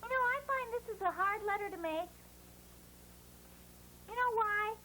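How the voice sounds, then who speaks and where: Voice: extremely high pitch, moderate pace, pushed and bright, slight background noise, rough recording. A performer voicing a cheerful puppet boy who teaches children to write letters in a bouncy, encouraging, sing-song way. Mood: cheery. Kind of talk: playful kids' lesson.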